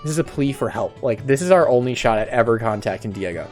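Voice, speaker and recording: Young male streamer, 20s, laughs through his stories, medium pitch, faint music in the background. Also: lively intonation, fast talker. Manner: giggly storytelling, laughs a lot. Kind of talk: casual stream chat. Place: bedroom.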